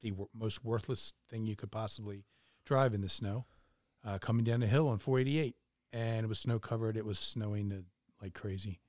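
A middle-aged man telling a story in a measured, casual way, with frequent fillers. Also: fairly low pitch, fairly even intonation, darkish tone, no echo, clean studio sound.

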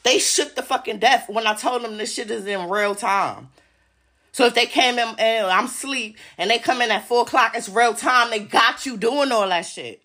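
A woman with a somewhat high voice delivers a heated solo podcast rant. She swears constantly and talks straight to her listeners in an agitated, insistent way. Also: normal speed, bright, forceful tone. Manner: profane, agitated, addresses listeners directly. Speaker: podcast host.

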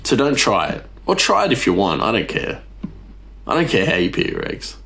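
A man's voice: fairly low pitch, huge pitch swings, moderate pace, vocal fry, fairly bright tone. A man hosting a podcast, ranting casually in a rambling, exasperated way, his voice jumping up for emphasis. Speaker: podcast host. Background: faint music.

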